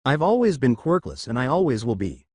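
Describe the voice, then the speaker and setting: A man reading the part of a weary, coolly menacing teenage boy who keeps his tone level and impartial. The voice sits at a middle pitch and moves with lively swings, recorded dry and close. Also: fairly quick, breathy edge, no room sound.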